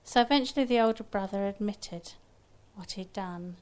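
A woman storyteller telling a folktale aloud in an unhurried, gentle way with small restarts. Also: mid-range voice.

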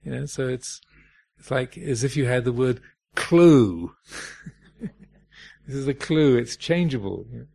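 A man giving a reflective Dharma talk as a meditation teacher, pausing often and restarting his phrases. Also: mid-range voice, expressive, gravelly, mellow, breathy edge. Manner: reflective, halting, many fillers and restarts.

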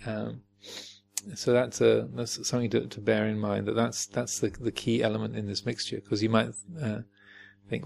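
A man's voice: lowish voice, flat delivery, moderate pace, gravelly, darkish tone, a little hiss or hum. A man giving a storytelling dharma talk in a hesitant way, with many fillers. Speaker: dharma teacher.

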